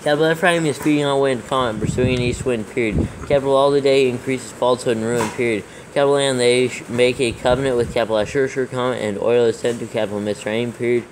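A man reads text aloud slowly and carefully, calling out each capital letter, comma and period as he goes. His pitch stays flat and level, with little rise or fall. A faint hiss sits under the voice. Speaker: reader dictating scripture text. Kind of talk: dictation with spoken punctuation.

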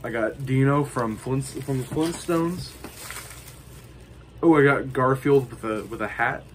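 A man's voice: medium pitch, fairly even intonation, normal speed, slight background noise. Rambling man in a casual show-and-tell. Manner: rambling, full of ums and you-knows. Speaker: vlogger showing his collection.

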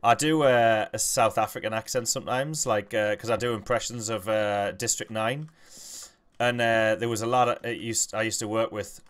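A gaming channel host gives casual commentary as he plays, often muttering to himself and wandering off into stories. His voice is fairly low with fairly even intonation, a moderate pace and a fairly bright, clean tone.

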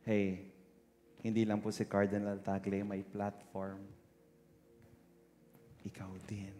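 A Filipino man with a low voice preaches to a congregation, earnest and touched with emotion. His words ring through a large hall with long reverb. Soft instrumental music plays faintly behind him. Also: monotone, slow pace. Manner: switches between English and Tagalog, emotional and earnest. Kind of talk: sermon.

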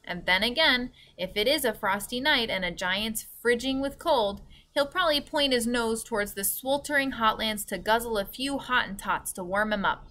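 A woman's voice: fairly high pitch, moderate pace, few pauses, sharp tone, pitched above the performer's own voice. A woman voicing a big, friendly male giant with jumbled grammar in a children's book read-aloud. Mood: earnest. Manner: jumbled words and grammar, earnest.

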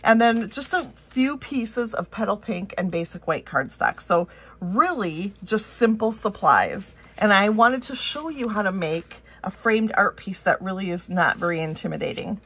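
Upbeat Minnesotan woman narrating a hands-on craft demo, chatty and relaxed, mid-range voice. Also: mid-range voice, normal speed, husky. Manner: chatty and upbeat, thinking aloud while working. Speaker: craft instructor. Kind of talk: casual step-by-step craft tutorial.

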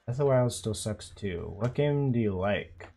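A man's voice: lowish voice, expressive, normal speed, warm tone, faint music behind. A man streaming live, chatting casually in a laid-back, rambling way with frequent chuckles. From North Carolina.

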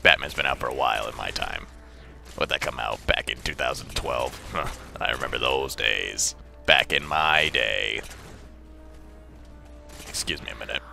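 A man doing a gravelly swaggering super-soldier. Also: moderate pace, long pauses, bright, forceful tone, soft background music, full character voice. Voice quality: deep gravelly put-on voice. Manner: brash, profane, yelps when startled. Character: gruff cocky armored male super-soldier, crude. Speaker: let's play gamer. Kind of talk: comedic gameplay commentary in character.

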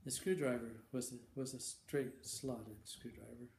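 A man spinning a long shaggy-dog joke in a halting, stop-start way, repeating his words and chuckling along. His voice is mellow and dark. An echoey room and a faint hum of ambience sit around him. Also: medium pitch, steady tone, vocal fry. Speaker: joke teller.

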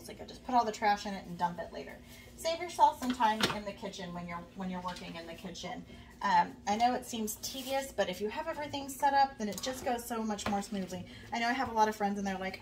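A woman's voice: medium pitch, animated, brisk. A young woman chatting casually to her viewers while cooking in her home kitchen, friendly and rambling, with lots of fillers. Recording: faint background noise, a bit distant from the mic.

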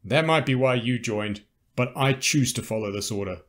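A man voicing a weary middle-aged rebel captain, gruff and resigned but commanding, in an audiobook. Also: mid-range voice, moderate pace, a bit bright, close to an everyday voice.

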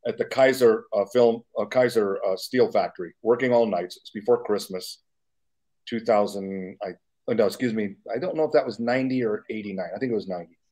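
A man's voice: lowish voice, brisk, dark tone. A man in his sixties, a guest makeup artist, telling casual stories in a rambling, self-correcting way with chuckles, speaking over a remote video call. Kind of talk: casual anecdotal storytelling.

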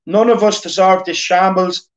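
A high voice with a steady tone and moderate pace comes from an Irish man around thirty who hosts a football fan channel. He rants casually yet earnestly, repeating points to rally the supporters, in a dull lo-fi recording.

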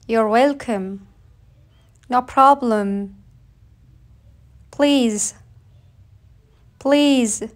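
A woman English teacher reading short everyday phrases aloud for learners, saying each one slowly and plainly, often twice. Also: on the high side. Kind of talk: slow read-aloud phrase drill.

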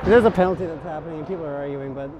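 A man's voice: a little high, racing, highs cut off, a loud crowd, very noisy. A man playing hockey goalie with a camera mic running, cracking self-deprecating jokes through the game. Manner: joking, self-deprecating banter. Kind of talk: mic'd-up game commentary. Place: hockey rink during a game. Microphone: helmet-mounted action camera.

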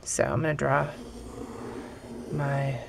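A woman's voice: extremely low pitch, flat delivery, takes it slowly, gravelly, heavy background noise. A young adult woman teaching hand lettering in a casual, offhand, self-deprecating way while she draws. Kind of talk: casual tutorial talk while drawing.

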